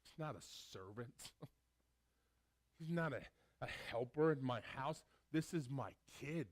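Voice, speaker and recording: A man's voice: medium pitch, animated, unhurried, pitched above the performer's own voice. A man voicing a father who insistently orders his servants to celebrate his son's return. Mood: insistent joy.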